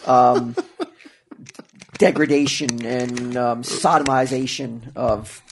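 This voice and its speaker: A man's voice: mid-range voice, fairly even intonation, very slow, gravelly, slight background noise. A man rambling in casual comedic chat, often searching for the right word.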